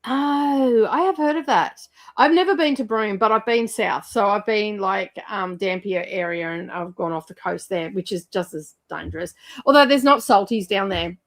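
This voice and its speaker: A woman hosts a relaxed livestream, chatting about whatever comes to mind. She rambles and fills pauses with "um" and "you know", in a voice of ordinary middle pitch. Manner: chatty, rambling, with frequent fillers. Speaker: livestream host. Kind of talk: casual chat while reading viewer comments.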